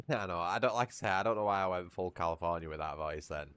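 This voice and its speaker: A man's voice: deep voice, quick pace, a bit bright, clear, resonant tone. A British man casually chatting and swearing while he streams a video game, with a joking manner. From Britain. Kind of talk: casual gameplay livestream.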